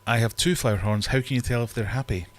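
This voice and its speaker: A man's voice: mid-range voice, quick pace. A man hosting a casual livestream from his fish room, chatting in a rambling, self-deprecating way. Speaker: livestream host and fishkeeper.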